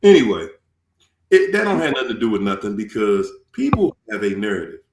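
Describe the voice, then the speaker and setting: A man hosting his channel in casual chat, animated and swearing freely, acting out quoted tirades. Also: on the low side, a little fast, roomy sound, background noise. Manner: animated, swears, acts out quoted rants loudly. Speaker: channel host.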